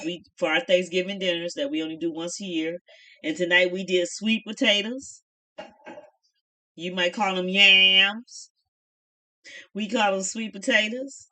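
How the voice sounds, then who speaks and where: Bright-voiced chatty woman reviewer. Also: medium pitch. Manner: chatty, folksy, opinionated. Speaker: reality show reviewer. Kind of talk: casual chat review.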